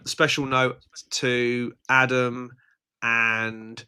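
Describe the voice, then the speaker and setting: Speaking extremely slowly in a mid-range voice with little pitch movement, a sharp and clean tone, the British host of a casual live-stream chat show stays playful and teasing. He laughs often, though he's a little short on sleep and tired.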